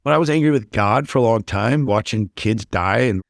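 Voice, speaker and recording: Blunt, intense man with a low voice. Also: moderate pace, gravelly, dry recording, studio quality. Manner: intense, blunt, swears freely. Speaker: podcast guest. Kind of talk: candid interview talk.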